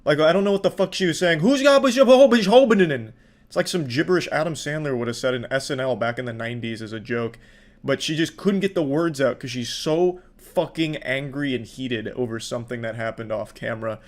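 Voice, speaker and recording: A man casually commenting on videos in a sarcastic, profane, deadpan way. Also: medium pitch, brisk. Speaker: online commentator.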